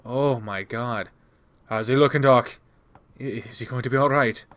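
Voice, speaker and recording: An actor playing a worried, remorseful older cafe owner who talks loudly with a shaky voice. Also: male voice, medium pitch, fairly even intonation, moderate pace, lightly acted. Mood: anxious. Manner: shaky, loud with worry.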